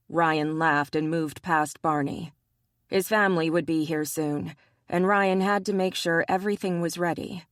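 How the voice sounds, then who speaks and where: An audiobook narrator reading a romance in a steady, measured scripted narration. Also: medium pitch, no room sound, studio quality.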